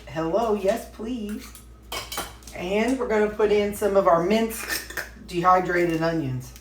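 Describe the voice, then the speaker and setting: A woman's voice: medium pitch, slow, a little hiss or hum. A woman vlogging casually from her home kitchen, rambling along with plenty of fillers and restarts. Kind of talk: casual chatty diet vlog. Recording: echoey kitchen with dish clatter.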